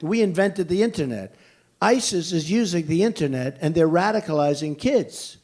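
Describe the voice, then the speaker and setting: A man's voice: on the high side, animated, moderate pace, a little mellow. An older American man fields questions at a political rally in a blunt, emphatic way, circling back to the same phrases. His voice sits a little above the usual male range. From United States. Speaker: presidential candidate at a rally. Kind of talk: campaign rally Q&A. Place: large indoor venue.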